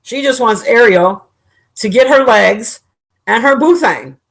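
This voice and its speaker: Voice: medium pitch, lively intonation, a little slow, gravelly, a bit bright. A streamer talks loosely to the chat in a mid-range voice. The tone is blunt and opinionated, with frequent cursing and laughter. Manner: profane, joking, laughs often. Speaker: live streamer reading chat. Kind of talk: casual live-stream chat.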